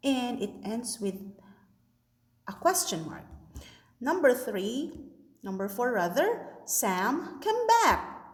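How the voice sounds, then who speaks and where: Lady teacher talking slow to little kids, bouncy pitch, echoey room w/ long reverb. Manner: slow, sing-song teacher talk with many checks for understanding. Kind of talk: recorded online class lesson.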